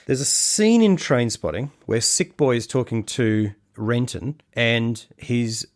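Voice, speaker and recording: A man's voice: medium pitch, takes it slowly. A man co-hosting a podcast in casual chat, thinking aloud with hesitations and restarts. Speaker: podcast co-host.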